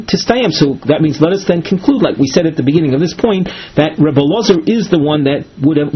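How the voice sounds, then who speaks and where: Male teacher, slightly high, husky voice, methodical line-by-line reading and translating, dull lo-fi recording. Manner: methodical, explanatory, reads then translates. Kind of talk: line-by-line text lesson.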